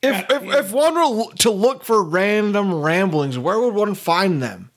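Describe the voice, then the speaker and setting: A man co-hosting a casual podcast in a high voice. He rants wryly, poking fun at himself as he goes. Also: expressive, unhurried, fairly bright tone. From United States. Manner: wry, ranting, self-mocking. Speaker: podcast co-host.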